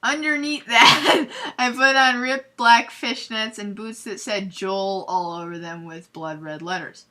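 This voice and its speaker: A young woman hosting a comedic fanfiction readthrough, reading aloud with sarcastic, giggly, deadpan asides. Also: medium pitch, measured pace, hardly any pauses.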